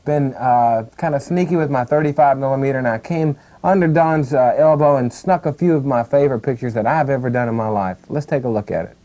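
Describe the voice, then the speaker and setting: A man's voice: mid-range voice, a little fast, few pauses, mellow. A man introducing a photo session video in a casual, self-deprecating way. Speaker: photographer presenter. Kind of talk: casual presentation.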